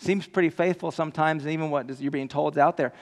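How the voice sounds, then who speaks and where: A male pastor preaching a sermon with animated, jokey storytelling and earnest appeals to the listeners. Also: on the high side, quick pace. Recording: long hall reverb.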